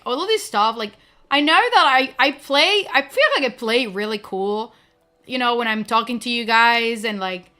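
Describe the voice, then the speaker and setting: Speaking to her viewers in a fairly high-pitched, sharp voice, a young woman streamer gets emotional and gushy. She's teary, on the edge of crying, and her casual talk is loaded with fillers.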